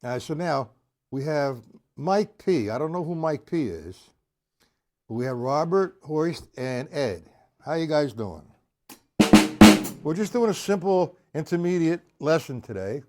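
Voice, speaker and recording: A man's voice: a little high, animated, measured pace, a little mellow. A man teaching drums on a live stream, chatting casually and counting beats aloud. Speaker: drum teacher. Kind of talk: live-streamed drum lesson.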